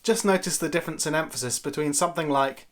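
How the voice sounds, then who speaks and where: A man's voice: on the high side, fast, fairly bright tone. A man giving a conversational, lightly playful Bible teaching talk to camera for a church video series.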